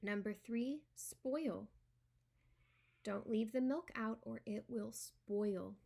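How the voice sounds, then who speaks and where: A woman with a fairly high voice leads a spelling lesson for a homeschool class. She speaks at an unhurried pace and says each word slowly and distinctly so students can write it down. She opens the lesson with a playful pretend phone call. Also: mellow. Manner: slow, clear dictation of words. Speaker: co-op teacher.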